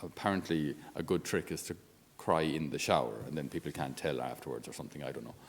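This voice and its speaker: A man's voice: rumbling low, fast, vocal fry, in a large hall, slight background noise. A male Catholic priest giving an informal spiritual talk on his podcast in a conversational, down-to-earth way with self-deprecating humor.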